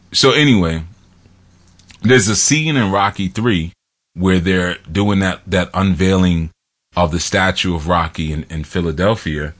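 A man's voice: low-pitched, a bit bright. A man talking in a rambling, casual monologue, laughing often and acting out quotes from films.

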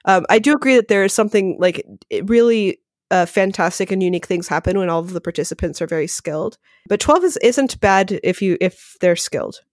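This podcast guest has a mid-range voice and talks quickly and animatedly, peppering her sentences with "like" in a casual conversational interview. The studio sound is clean, with no room sound.

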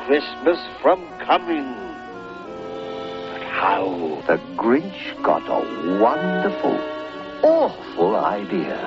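A man voicing a dramatic storybook narrator in an old cartoon, telling a rhyming tale slowly in sing-song lines. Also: mid-range voice, wildly swooping pitch, creaky, full character voice. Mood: storytelling. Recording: dull old film soundtrack over music.

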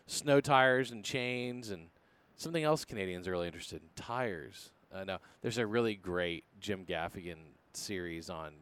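A man hosting a casual podcast, talking in a rambling, joking way. His voice sits fairly low, and he keeps stopping to restart his sentences. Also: normal speed, hardly any pauses, fairly bright tone, smooth. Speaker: podcast host.

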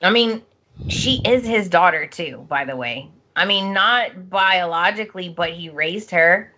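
Young woman co-host, casual recap chat, low-ish bright voice, unhurried. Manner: slow, chatty, acts out lines in changing voices. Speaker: podcast co-host.

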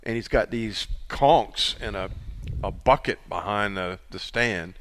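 A man's voice: on the low side, a little slow, fairly bright tone. A man co-hosting a casual radio chat, telling a travel story with acted-out quotes and laughter. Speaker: co-host.

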